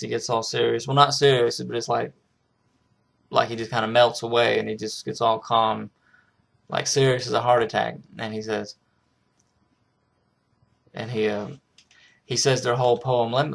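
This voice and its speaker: Gravelly, flat-voiced man recapping a film. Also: medium pitch, moderate pace, long pauses. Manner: rambling, lots of restarts and "like". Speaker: film reviewer. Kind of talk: casual spoken film recap.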